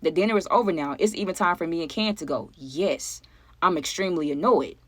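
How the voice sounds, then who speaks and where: A woman chatting casually to her viewers as she tells a personal story, animated and conversational, often asking them for their opinions. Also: lowish voice, a little fast, dry recording. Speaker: storytime vlogger.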